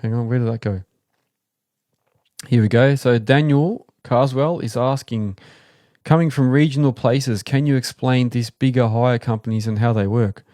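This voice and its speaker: A man's voice: mid-range voice, normal speed, no room sound, clean studio sound. An Australian man hosting a live stream, casually telling stories about starting his business, rambling with fillers and acting out what people said. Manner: relaxed, rambling, acts out quoted people. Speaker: host, excavation business owner. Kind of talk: casual livestream storytelling.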